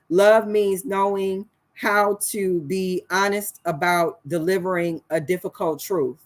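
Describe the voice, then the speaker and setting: A woman hosting a show, giving candid, preachy advice in a casual monologue. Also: fairly low pitch. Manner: candid, preachy, with fillers and restarts. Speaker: show host.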